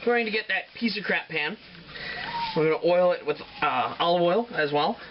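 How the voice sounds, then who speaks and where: In his kitchen, a man hosting a casual cooking show rambles and swears freely as he goes through the steps. He speaks at normal speed in a high-pitched, animated voice. The sound is dull and lo-fi, with obvious noise.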